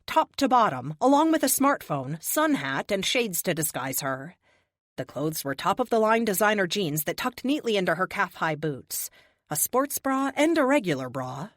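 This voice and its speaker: A woman narrating an audiobook with steady, expressive storytelling. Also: medium pitch, no echo, clean studio sound. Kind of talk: scripted narration.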